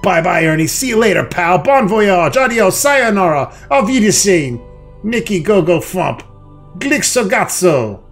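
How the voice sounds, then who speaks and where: A man's voice: sits high, very animated, measured pace, soft background music, pitched above the performer's own voice, full character voice. A man voicing a bullying male fraternity pledge master from a text adventure game who bellows insults theatrically. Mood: gloating.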